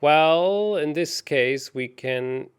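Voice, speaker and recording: A man co-hosting a chess show, working through puzzles out loud in a hesitant, self-mocking way. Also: fairly high pitch, extremely slow, smooth. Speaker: chess co-host solving puzzles. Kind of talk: casual puzzle-solving chat.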